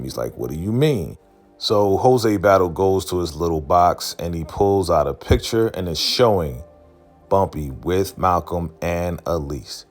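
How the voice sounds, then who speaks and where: A man's voice: deep voice, lively intonation, a little slow, faint music behind. A man casually recapping a TV episode, loosely retelling scenes and slipping into the characters' lines with "he's like" and "man.". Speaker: TV recap vlogger.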